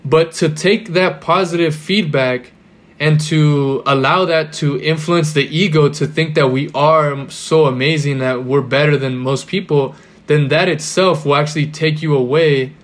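A man's voice: fairly high pitch, fairly even intonation, a little slow. A young man in casual podcast chat, rambling with lots of filler words and loose slang. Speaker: podcast guest or co-host.

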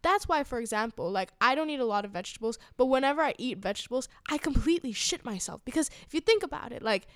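A young woman with a smooth, clear voice, a little higher than most, chatting on a podcast. She tells stories in an animated way, full of quick asides and the odd swear word. The sound is dry and close. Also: no echo. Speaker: podcast co-host. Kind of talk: casual chat.

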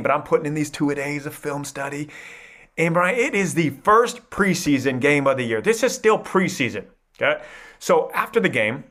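A man in his thirties from Iowa, telling his life story as a podcast guest in an animated, energetic way. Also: mid-range voice. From Iowa, USA. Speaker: podcast guest, mindset coach. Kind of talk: storytelling interview.

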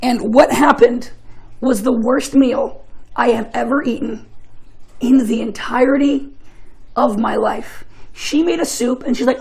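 A man's voice: very high voice, measured pace, breathy edge, poor audio. A young man giving a casual, joking sermon, telling chatty stories and often laughing. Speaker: preacher.

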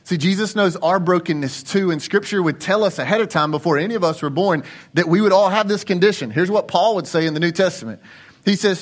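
A man's voice: high voice, lively intonation, fairly quick. A male lead pastor preaching a sermon in an earnest, conversational way, repeating phrases for emphasis.

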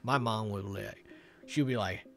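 A man chatting casually on a live stream, animated and giggly, rambling with restarts. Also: fairly low pitch, normal speed, vocal fry. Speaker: VTuber streamer.

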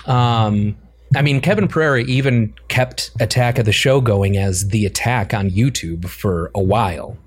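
A man's voice: lowish voice, moderate pace, breathy edge. A man co-hosting a casual gaming chat, thinking aloud with plenty of fillers and restarts. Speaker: podcast co-host.

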